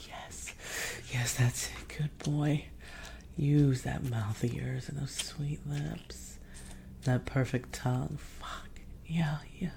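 A woman in a whispered role-play, taking her time over every phrase and slipping into a gravelly fry. She teases and gives orders, with soft laughs between lines. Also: very deep voice, slight background noise. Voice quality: often whispered. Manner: teasing, commanding, laughs softly. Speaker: audio role-play performer.

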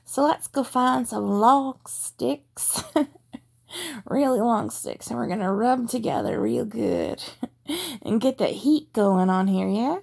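Woman doing a flirty Southern cowgirl with a gravelly voice. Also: a little high, lively intonation, slow, darkish tone, exaggerated voice. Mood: flirty playful. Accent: rhotic Southern US, put on. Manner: giggly, teasing innuendo.

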